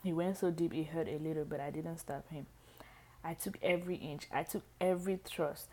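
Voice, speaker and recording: Woman reading a book out loud, low voice, stumbles and restarts a lot. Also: steady tone. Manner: halting, frequent restarts and stumbles. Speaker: reader.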